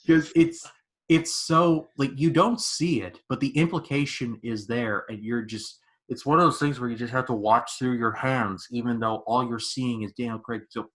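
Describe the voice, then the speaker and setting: A man in his twenties hosts a podcast, chatting casually about movies as an animated storyteller who says "like" a lot. His voice is medium-pitched, and he speaks at a moderate pace.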